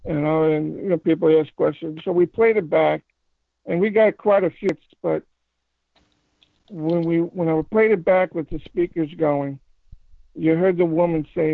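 A man telling a paranormal story in a casual phone interview, rambling and halting with many restarts. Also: on the high side, fairly even intonation, no room sound. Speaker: paranormal investigator guest. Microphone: phone call. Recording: tinny phone line, fry.

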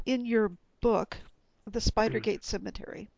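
A woman hosts a radio interview and asks her questions hesitantly, with ums. Her voice is fairly high and gravelly. The sound is dull and lo-fi, with no room sound. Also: fairly even intonation, normal speed, darkish tone, dry recording. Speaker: radio host.

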